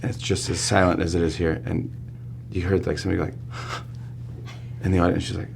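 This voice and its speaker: A man in his forties, a talk show host appearing as a guest in a studio interview, who tells an excitable story, laughs often and acts out the quotes. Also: deep voice, fairly quick, vocal fry, slight background noise.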